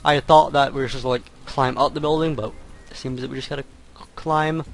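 A young man talks through his gameplay in loose, hesitant commentary, full of fillers and sudden exclamations. His voice is medium-pitched. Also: fairly even intonation, brisk, creaky, soft background music. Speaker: let's play commentator.

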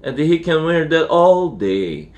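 A man reading aloud and voicing a doting mother, who talks to the family pet in high, cooing baby talk. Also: very animated, takes it slowly, a little mellow. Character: fussy doting middle-aged mother.

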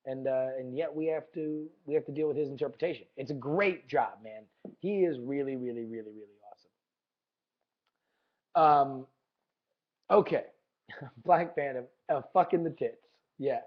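A man's voice: mid-range voice, moderate pace, long pauses. A man hosting a podcast in a casual monologue, enthusiastic and profane, often repeating his words. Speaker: podcast host. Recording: dull lo-fi recording.

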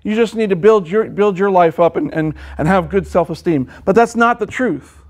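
Earnest male preacher with a high voice, sermon delivery full of restarts. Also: normal speed. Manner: earnest, repeats words and restarts often; quotes scripture at length.

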